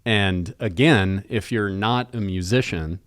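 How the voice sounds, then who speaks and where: A man's voice: on the low side, slow pace, no echo, clean studio sound. A man co-hosting a podcast, chatting casually and thoughtfully about music, rambling with restarts. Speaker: podcast co-host.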